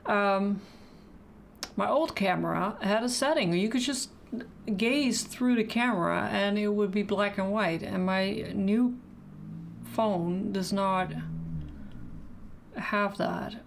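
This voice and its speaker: A woman's voice: mid-range voice, slow, gravelly, slight background noise. A woman chatting casually during a live painting stream, thinking aloud and answering questions from the chat.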